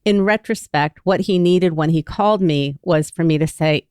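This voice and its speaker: A woman in her sixties speaks in a low, clear, resonant voice. She talks openly and thoughtfully through her own feelings, like a former therapist telling a personal story. The sound is dry and close. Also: fairly even intonation, moderate pace, hardly any pauses, darkish tone, no echo. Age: 60s. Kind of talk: personal storytelling in a candid podcast conversation.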